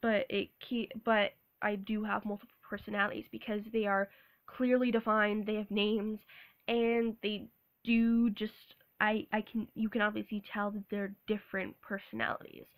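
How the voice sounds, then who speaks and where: A young woman, sick with a sore throat, rambling awkwardly in a casual vlog, halting and laughing often. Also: mid-range voice, little pitch movement. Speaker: vlogger.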